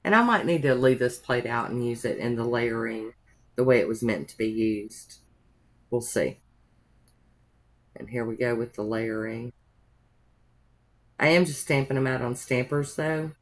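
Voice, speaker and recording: A woman's voice: extremely low pitch, unhurried, pauses often. Chatty woman doing a nail tutorial. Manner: chatty, rambling, homey asides. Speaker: nail art vlogger. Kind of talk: casual tutorial narration.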